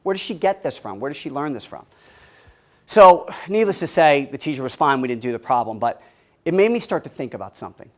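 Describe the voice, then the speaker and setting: A man's voice: mid-range voice, sing-song, fairly quick, a little mellow. A man in his forties giving a casual, storytelling talk to a college audience as a guest speaker.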